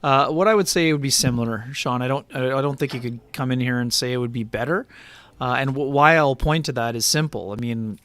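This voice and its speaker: A man's voice: mid-range voice, brisk, a bit bright. A man co-hosting a hockey post-game show, answering with dry, joking comebacks in casual talk. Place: bar.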